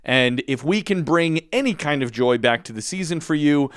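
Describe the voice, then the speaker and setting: A man's voice: a little high, lively intonation, normal speed, clean tone, no echo, clean studio sound. Enthusiastic male podcast co-host. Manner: enthusiastic, affirming. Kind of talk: casual chat.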